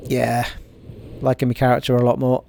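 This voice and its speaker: A man's voice: mid-range voice, completely flat delivery, normal speed, creaky, darkish tone, slight background noise. A man commenting on his video game play, cheerful and thinking aloud as he reads menus. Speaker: gaming streamer.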